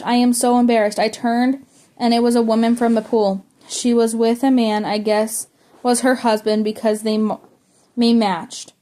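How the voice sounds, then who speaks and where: A woman's voice: on the high side, mellow. A woman reading a memoir aloud, now and then tripping over words and starting them again. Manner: stumbles and restarts words while reading. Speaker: audiobook reader.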